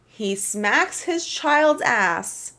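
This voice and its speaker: A woman's voice: a little high, expressive, drawn-out words, pushed and bright. Woman commentator, casual and sassy, curses freely, leans hard on dramatic emphasis. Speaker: commentary YouTuber.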